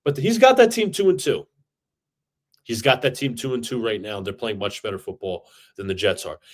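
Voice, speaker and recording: A man hosting a sports fan livestream, talking in a frustrated, repetitive rant full of stumbles and restarts. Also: medium pitch. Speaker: fan podcast host.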